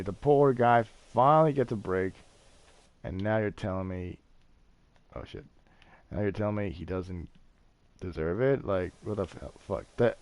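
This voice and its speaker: A man chatting casually on a gaming stream, telling a rambling, excitable story and swearing often. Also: on the low side.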